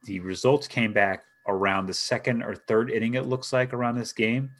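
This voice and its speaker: A man's voice: mid-range voice, fairly even intonation, normal speed, a bit bright. A man co-hosting a casual sports podcast, talking in a laid-back way with many fillers and some swearing. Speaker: podcast co-host.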